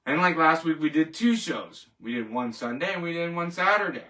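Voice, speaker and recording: A male host delivering a defiant, boastful sign-off, repeating his slogans over and over. His voice is high-pitched for a man and sharp-edged. He sounds a little away from the microphone. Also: expressive, fairly quick, far from the mic. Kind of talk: hyped show sign-off monologue.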